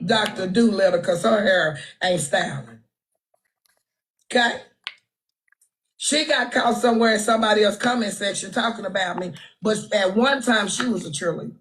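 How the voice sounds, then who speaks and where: Woman, Texan accent, livestream host, brash, sassy, trash-talking, mid-pitched voice. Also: normal speed, slight background noise, poor audio. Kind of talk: casual live-stream gossip commentary. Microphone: phone livestream.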